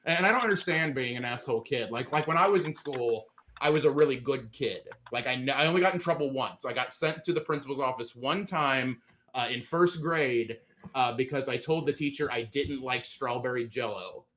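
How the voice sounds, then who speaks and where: A man from Indiana doing a stand-up set on an online show, out of breath and self-deprecating, halting over fillers and laughing into his punchlines. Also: medium pitch, a bit bright. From Indiana, USA. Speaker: stand-up comedian.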